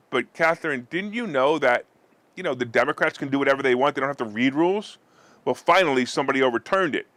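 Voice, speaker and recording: Male talk host, sarcastic, bright forceful voice, dry close sound. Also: a little high, no room sound. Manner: sarcastic, mock-weeping theatrics. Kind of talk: scripted political finance commentary.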